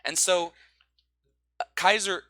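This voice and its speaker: A man teaching English pronunciation, explaining stress and rhythm and drawing out example phrases slowly. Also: high-pitched, sharp tone, no room sound.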